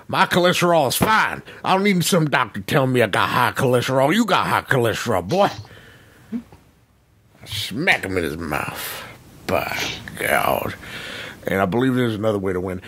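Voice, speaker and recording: A man putting on a folksy American Southern accent to play a blustery good-ol'-boy type who keeps shouting "by God" during a giveaway plug. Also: lowish voice, gravelly, husky, pitched below the performer's own voice, full character voice. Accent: put-on American Southern. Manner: folksy, hollers "by God" between lines.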